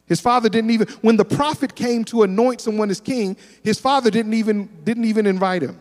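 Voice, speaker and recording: A male pastor preaching a sermon, telling animated stories and acting out the dialogue. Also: sits high, a little fast, hardly any pauses. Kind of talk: sermon with storytelling. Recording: long reverb of a large hall.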